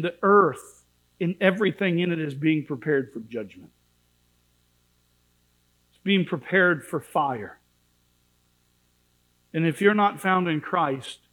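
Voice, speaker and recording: A man preaching a sermon in a church, impassioned, swinging between shouted warnings and low pleading. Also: poor audio.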